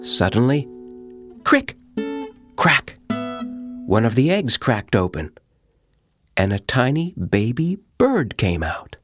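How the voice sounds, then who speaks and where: A man reading a children's storybook aloud in an expressive, gently animated way. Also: mid-range voice, takes it slowly, long pauses, over music. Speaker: audiobook narrator.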